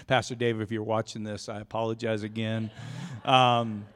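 Animated pastor preaching in a reverberant church. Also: male voice, medium pitch, fairly quick, smooth. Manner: animated, shouts in storytelling peaks. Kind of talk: sermon with storytelling. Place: church sanctuary.

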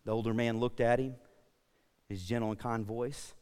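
A man's voice: mid-range voice, steady tone, normal speed, darkish tone, clean tone. A man preaching a sermon, fervent and storytelling, asking the congregation questions. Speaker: pastor. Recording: long hall reverb.

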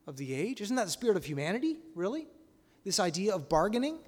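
A male preacher delivers his sermon with a slightly higher voice than most men. He leans on rhetorical questions and swings between forceful emphasis and hushed asides. His voice carries a long reverb, as if he stands in a large hall. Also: very animated, quick pace.

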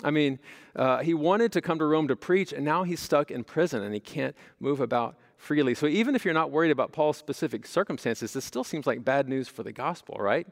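A man's voice: a little high, expressive, fairly quick, gravelly. A man preaching a sermon as pastor, talking to his congregation in a conversational way, with rhetorical questions and personal stories. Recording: long reverb of a large hall.

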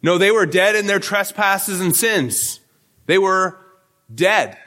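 A man's voice: high voice, takes it slowly, sharp tone. A male pastor giving an earnest expository sermon, often repeating words as he restarts his phrases.

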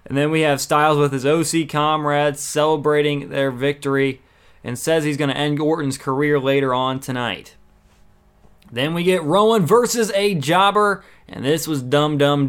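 Opinionated man recapping wrestling, smooth voice. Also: fairly high pitch. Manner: opinionated, exasperated asides. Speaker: wrestling show reviewer. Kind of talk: casual recap commentary.

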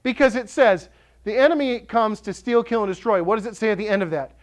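A male pastor delivers a sermon in a notably high voice. He preaches with passion, building to emphatic declarations. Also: fast. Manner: impassioned, rising to emphatic declarations.

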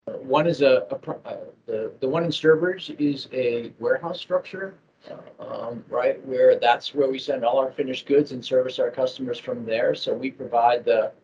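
A medium-pitched man from Massachusetts, near Boston, rambles through a business interview, full of fillers and restarts. He's an ERP project manager at a manufacturer, and the recording is dull lo-fi audio with faint noise.

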